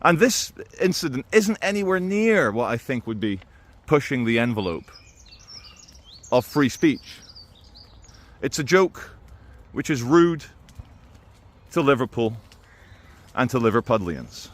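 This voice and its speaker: A man's voice: medium pitch, measured pace, long pauses. Chatty man giving opinions. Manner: conversational and animated, with quoted impressions. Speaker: video commentator. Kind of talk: opinionated monologue commentary.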